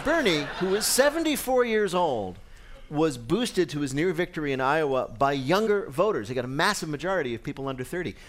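A man's voice: on the high side, very animated, fairly quick. A man hosting a comic radio quiz, delivering jokes with wry timing. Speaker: quiz show host. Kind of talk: comic panel quiz banter.

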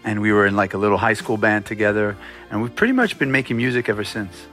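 A man in his forties from Montreal speaks in a fairly low voice as a musician being interviewed. He explains things at an easy pace, with plenty of casual fillers, and a faint bed of music plays underneath. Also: fast talker. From Montreal, Canada. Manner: relaxed, explanatory, with frequent fillers. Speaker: musician guest.

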